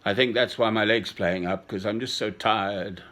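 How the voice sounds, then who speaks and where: A man in his sixties talking in a slow, sentimental, rambling personal monologue with chuckles. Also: fairly low pitch, steady tone, sharp tone, soft background music. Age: 60s. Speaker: speaker addressing a woman.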